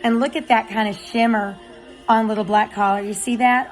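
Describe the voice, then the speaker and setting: Woman dog breeder, casual explainer, fairly high voice, soft music bed underneath. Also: steady tone, normal speed, rough recording. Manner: chatty and explanatory, with filler ums. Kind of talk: casual vlog narration.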